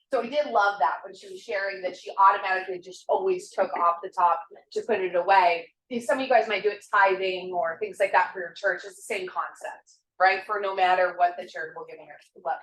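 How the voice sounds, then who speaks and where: A woman's voice: mid-range voice, a bit bright, roomy sound, slight background noise, poor audio. A woman hosting an office team meeting, enthusiastic and encouraging, full of praise for her colleagues. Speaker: host of a real estate team meeting.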